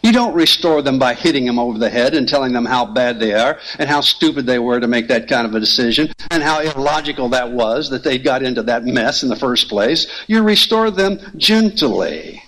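A man's voice: mid-range voice, lively intonation, moderate pace, hardly any pauses, fairly bright tone, low-quality recording. A man preaching a sermon as pastor, earnest and emphatic, hammering home key phrases through repetition.

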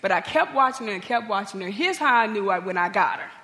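A woman pastor telling a humorous story in her sermon, lively and animated. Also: quick pace. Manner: lively, humorous storytelling with big pitch swings. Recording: long reverb of a large hall.

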